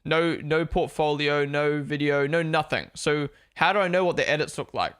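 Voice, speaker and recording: A young man with an Australian accent softened by a Kiwi twang, chatting casually on a live stream. His voice sits a little high for a man, and he swears freely while he reacts to the race and answers his chat. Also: normal speed, clear, resonant tone. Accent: Australian-New Zealand blend. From born in Australia, raised in New Zealand. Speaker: streamer hosting a race watch-along.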